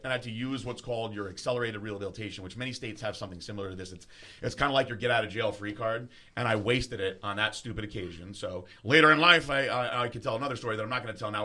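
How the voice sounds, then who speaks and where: Male storyteller, quick and bright, acts out every quote, salty language. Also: lowish voice. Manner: animated, acts out quoted voices, swears freely. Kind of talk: casual storytelling.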